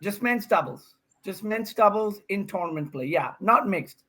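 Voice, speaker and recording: Middle-aged guy from india, loud joking podcast guest, curses a lot, laughs between stories. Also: high voice, expressive, normal speed, low-quality recording. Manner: brash, joking storyteller who swears and laughs often. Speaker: podcast guest, senior pickleball pro. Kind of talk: casual podcast chat.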